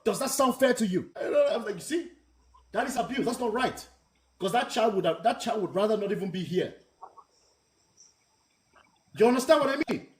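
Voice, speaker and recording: High-voiced guy hosting a live panel, blunt and worked up, keeps repeating himself. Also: animated, a little fast, long pauses. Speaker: host. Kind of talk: heated panel discussion.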